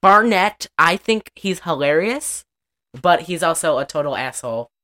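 Low-pitched woman, casual co-host, profane and chatty. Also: animated, moderate pace, a bit bright. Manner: chatty, profane, laughs often. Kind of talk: casual chat recapping a movie.

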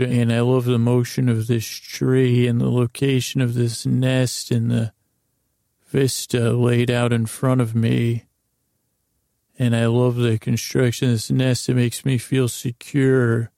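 A man's voice: mid-range voice, completely flat delivery, measured pace, gravelly, warm tone, no room sound, clean studio sound. A man voicing a chatty male bird who used to be a grass salesman, in his own casual, rambling voice. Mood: matter-of-fact.

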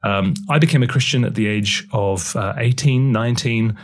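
An Australian author and broadcaster talks about his life in a relaxed interview, using self-deprecating humor. His voice is mid-range and his pace moderate.

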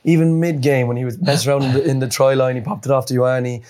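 A man's voice: mid-range voice, little pitch movement, quick pace, a little mellow. A man co-hosting a sports podcast, talking enthusiastically and laughing easily. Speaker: podcast co-host. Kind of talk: casual sports chat.

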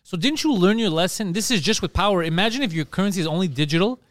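Fast-talking animated man, higher voice. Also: no room sound, studio quality. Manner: animated storytelling, swears freely, acts out quoted voices. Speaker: podcast co-host. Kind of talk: casual chat.

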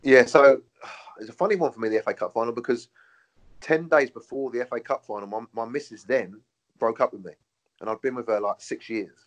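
A man's voice: mid-range voice, brisk, highs cut off. A man, a former footballer, chatting casually and telling stories with frequent laughs and swearing. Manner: swears freely, laughs often, tells stories. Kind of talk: casual chat.

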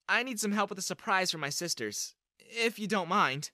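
A sweet, friendly young woman politely asking a favor, put on by a male narrator. Her voice lifts high and bright with lively turns. It sounds dry and close, for an animated story. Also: moderate pace, no echo, heavily acted. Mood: coaxing. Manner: polite, coaxing.

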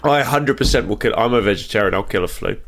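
A man's voice: fairly low pitch, fast talker, a bit bright. A man co-hosting a podcast, chatting casually in a wry, teasing way and prompting his friend with questions. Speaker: podcast co-host. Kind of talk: casual chat.

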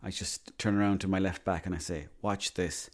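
Man, comic monologue, rambling, boastful, lowish voice. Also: fairly even intonation, fast. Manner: rambling, boastful, swears freely.

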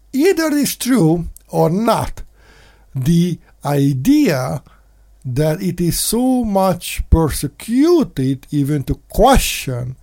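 A man hosting a casual commentary monologue, sarcastic, mocking in put-on voices and breaking into sudden shouts. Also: fairly high pitch. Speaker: podcast host.

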